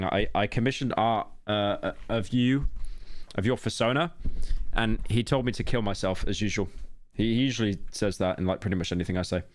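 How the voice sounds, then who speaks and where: A man streaming a game, making joking, sarcastic asides in casual commentary. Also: lowish voice.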